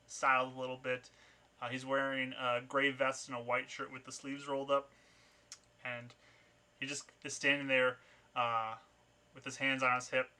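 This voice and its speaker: A man's voice: mid-range voice, sharp tone. A man narrating as game master in a tabletop game, in a loose, conversational way with fillers.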